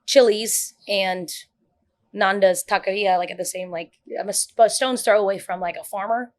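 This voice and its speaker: A woman's voice: mid-range voice, fairly even intonation, moderate pace. A woman on a podcast, telling stories in casual chat. She swears freely and acts out the people she quotes. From north Texas. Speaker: podcast guest.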